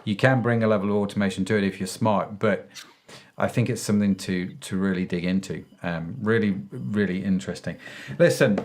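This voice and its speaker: A man's voice: lowish voice, fairly quick. A man hosting an interview podcast, upbeat and jokey with effusive praise for his guest and listeners. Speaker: podcast host. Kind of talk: casual interview and show outro.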